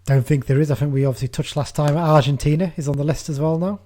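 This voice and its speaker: A man hosting a football fan podcast rattles along at a brisk clip. His voice is mellow and warm, and his delivery stays casual and chatty. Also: a little high, steady tone. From England. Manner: chatty, quick, ends lines with "there you go". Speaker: podcast host.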